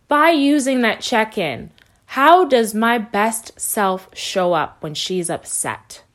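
Reassuring woman podcast coach. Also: mid-range voice. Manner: warm, reassuring, repeats key phrases. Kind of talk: encouraging podcast monologue.

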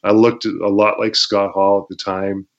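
A man's voice: fairly low pitch, level tone, normal speed. A former pro wrestler talking as an interview guest, laid-back, laughing as he recalls stories, with many fillers. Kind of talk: casual interview storytelling. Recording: muffled lo-fi audio.

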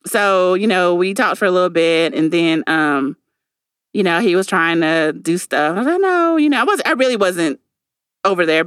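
A woman's voice: on the low side, no room sound. A woman's voice that swings widely up and down as she tells a story, playing out the lines of each person in it. The sound is dry and close, with no room around it. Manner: animated, acts out both sides of a story. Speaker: podcast co-host. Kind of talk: casual chat, storytelling.

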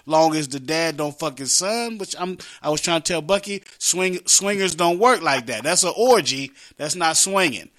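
A man's voice: a little high, a bit bright. A man hosting a casual comedy radio show, stammering through restarts and laughing often.

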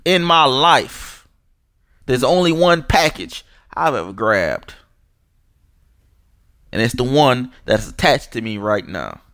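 A man's voice: medium pitch, a bit bright, no room sound, studio quality. A young man hosting a sports podcast, delivering a furious, disgusted rant full of swearing and mockery. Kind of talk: angry profane rant.

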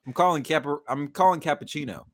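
A young adult man co-hosting a casual sports podcast, teasing and animated, often cutting in. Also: fairly high pitch. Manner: teasing, animated, quick to interrupt. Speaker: podcast co-host.

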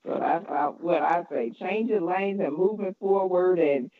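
Podcast host, warm-hearted interviewer energy, dry close sound, narrow phone-like band. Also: medium pitch, measured pace, no echo. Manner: encouraging, agreeable, repeats phrases.

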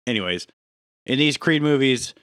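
A man co-hosting a podcast in casual chat, pausing and searching for his words. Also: medium pitch, expressive, fairly bright tone, no echo, studio quality. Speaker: podcast co-host.

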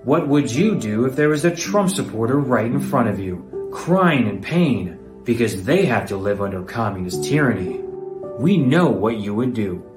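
Solemn man in a mock charity appeal. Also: reverberant. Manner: solemn, pleading pitch voice.

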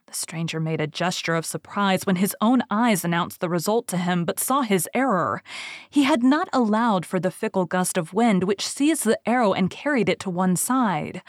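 A woman narrating an audiobook in a steady, even storytelling manner. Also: fairly low pitch, dry recording, clean studio sound.

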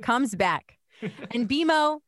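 A woman in her thirties co-hosting a podcast, telling a story in an animated, exasperated way. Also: sits high, drawn-out words, dry recording, studio quality. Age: 30s. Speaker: podcast co-host. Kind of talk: casual chat.

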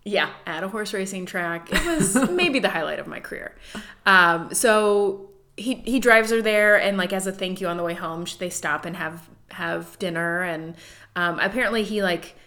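A woman comedian co-hosting a casual chat, with a playful joking manner and a quick laugh. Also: lowish voice, bright, forceful tone. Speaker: comedian co-host.

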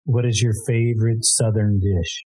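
Interviewer, mellow husky tone, curious casual questions, stumbling starts. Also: medium pitch, fairly even intonation, normal speed.

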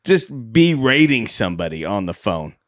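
A man co-hosting a podcast speaks at a moderate pace in a voice on the low side. In a casual movie recap, he animatedly retells a scene, acting out the characters' lines and laughing often.

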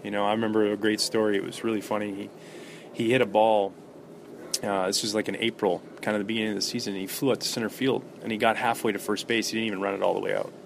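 A low-pitched middle-aged man recounts clubhouse stories in a loose, chatty interview. He talks with plenty of fillers and restarts. A clear room hiss runs behind him. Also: quick pace. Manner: animated anecdotes with many fillers and restarts. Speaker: former baseball player, guest. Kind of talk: relaxed interview storytelling.

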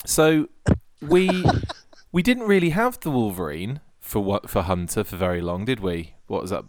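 Low-voiced man, rambling podcast chat. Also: big pitch swings, moderate pace. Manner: rambling, restarts sentences, laughs often. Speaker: podcast co-host. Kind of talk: casual hobby podcast chat.

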